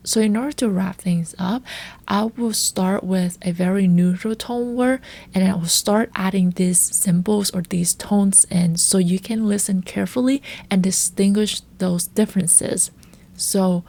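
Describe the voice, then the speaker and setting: A woman teaching a language lesson, speaking carefully and repeating example words slowly to model their pronunciation. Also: medium pitch, a little mellow.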